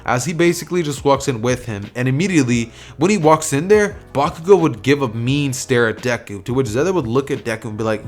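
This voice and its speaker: Male storyteller, casual improvised narration, rambling with fillers, mid pitch. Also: expressive, brisk, few pauses, soft background music. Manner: loose, rambling, filler-heavy. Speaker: storyteller, channel host.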